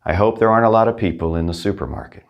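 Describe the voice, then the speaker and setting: Male language teacher, deep voice, upbeat, clear repetition drills. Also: rapid-fire, lo-fi sound. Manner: upbeat, repeats each practice sentence twice. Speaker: Spanish teacher. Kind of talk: language lesson.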